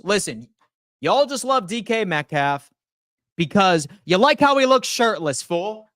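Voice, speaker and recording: A young man hosting a live sports stream, reading viewers' chat aloud and ranting at them in a rowdy, teasing way, often swearing and swinging from loud outbursts to quiet asides. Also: sits high, big pitch swings, measured pace, no room sound.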